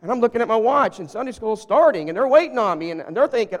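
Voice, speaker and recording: Southern US pastor, fairly high voice, jokey and folksy with the crowd, long hall reverb. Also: male voice, animated, fast. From Southern US (Arkansas). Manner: folksy, jokey, talks straight to the congregation. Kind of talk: humorous sermon. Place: church sanctuary with a live congregation.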